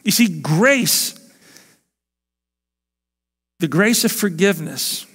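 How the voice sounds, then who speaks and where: Man, pastor, high voice, emphatic sermon, long church reverb. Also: expressive, takes it slowly, a bit bright, husky. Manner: earnest, emphatic preaching with repeated phrases.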